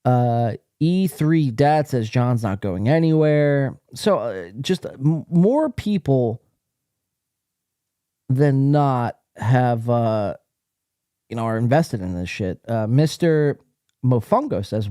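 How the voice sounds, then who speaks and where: A man's voice: medium pitch, lively intonation, takes it slowly, warm tone, no echo, clean studio sound. A male podcast host giving casual, profane, mocking commentary while reading out online posts. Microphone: desk mic, acting up.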